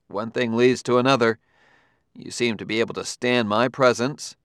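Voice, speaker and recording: A man's voice: mid-range voice, fairly even intonation, moderate pace, fairly bright tone, clean tone, no echo, clean studio sound, natural voice. A man reading an audiobook, voicing a grave male detective who questions a suspect.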